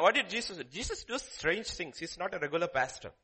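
Emphatic, lively male preacher. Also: high-pitched, fast talker, husky. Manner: emphatic, repeats phrases, swings from loud calls to hushed lines. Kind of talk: sermon.

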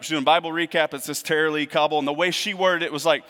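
A man preaching in a chatty, down-to-earth way, his voice pitched a little high and ringing bright. He jumps between loud, punchy emphasis and low, quiet asides. Long reverb from the hall trails after each phrase. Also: fairly even intonation, fast talker. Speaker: pastor. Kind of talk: sermon.

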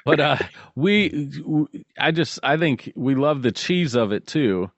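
A man's voice: fairly high pitch, animated, measured pace, no echo. A man co-hosting a podcast in casual chat, rambling and searching for words. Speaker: podcast co-host. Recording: dull, dry podcast mic.

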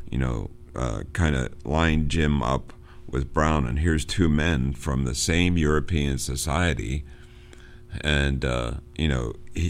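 Middle-aged male teacher with a very low, gravelly voice, halting, filler-heavy classroom talk. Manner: halting, many fillers and restarts. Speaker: literature teacher. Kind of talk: informal lecture on a novel.

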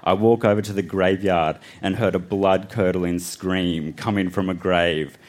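A man reading his childhood horror story aloud on a live festival stage, deadpan between laughs. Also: low voice, unhurried. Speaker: reader on a live storytelling show.

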